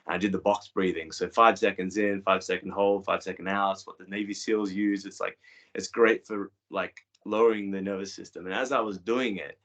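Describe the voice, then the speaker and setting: Deep-voiced guy coach, answers slow and thoughtful with pauses. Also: steady tone, a bit bright. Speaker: men's coach. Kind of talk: interview guest.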